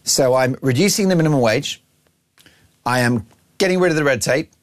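A man's voice: mid-range voice, normal speed. A man hosting a radio show, delivering a brash, mocking opinion monologue full of self-aggrandizing banter. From Ireland.

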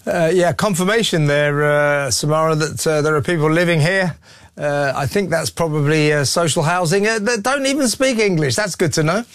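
A man's voice: a little high, normal speed, no room sound, studio quality. Sarcastic man hosting talk radio. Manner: sarcastic, mocking, animated. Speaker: radio talk show host. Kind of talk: opinionated talk radio chat.

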